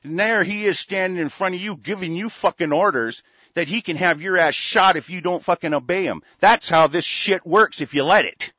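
A man's voice: sits high, moderate pace, bright, forceful tone, dry recording. A man hosting a radio show, delivering an angry, profane political rant full of stammered restarts. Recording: dull lo-fi dry recording.

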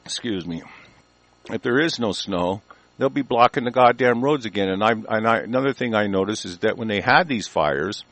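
This caller, a middle-aged man from a rural mountain area, vents on a talk show in a lowish, somewhat bright voice at a moderate pace. He's animated, heated and profane, rambling and restarting repeatedly, with no room sound audible.

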